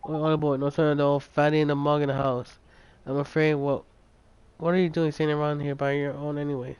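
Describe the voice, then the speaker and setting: A man's voice: fairly high pitch, little pitch movement, brisk, darkish tone, muffled recording, a little hiss or hum, natural voice. A man voicing a cheeky male fairy companion in a game, brash and teasing.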